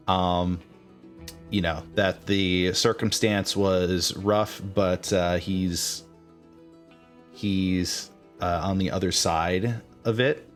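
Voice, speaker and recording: A man narrating as game master, halting with many fillers and restarts. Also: low-pitched.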